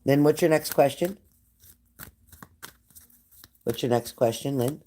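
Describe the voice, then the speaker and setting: A man with a medium-pitched, warm voice takes his time speaking. The psychic tarot reader is at home indoors by a glass sliding door, running a casual live-streamed reading aimed directly at a viewer, with frequent chatty tangents.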